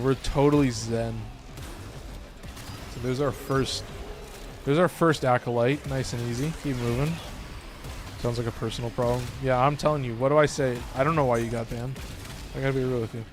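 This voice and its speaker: Laughing, rambling male game streamer. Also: medium pitch. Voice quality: rambling, joking, laughs often. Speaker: gaming streamer. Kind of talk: casual live-stream chat.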